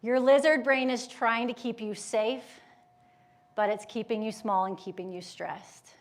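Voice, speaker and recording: Fairly high-pitched and animated, a woman gives a motivational talk live, keeping it conversational and lively by asking her audience questions. She is a yoga educator and motivational speaker with school-age children, and she briefly acts out inner voices with quick quotes.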